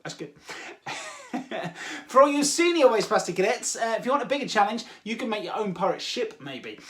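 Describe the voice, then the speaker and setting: A man's voice: high voice, sing-song, fairly quick, a bit bright. An English man hosting a children's activity show, talking to kids in a playful, jokey way with lots of "uh" fillers. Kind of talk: upbeat chat to children.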